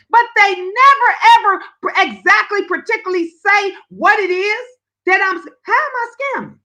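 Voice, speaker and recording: Woman host of a live talk stream, high-pitched and bright, blunt and emphatic. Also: moderate pace, rough recording. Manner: blunt, emphatic, profane, animated storytelling.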